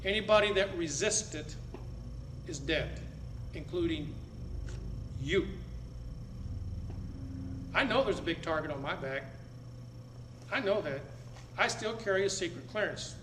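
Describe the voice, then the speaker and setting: A man's voice: sits high, expressive, a little slow, long pauses, a bit bright. A middle-aged man giving a live talk to an audience, blunt and emphatic, hammering points home by repeating them. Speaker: speaker addressing an audience. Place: meeting room with seated audience. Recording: echoey room, faint background noise.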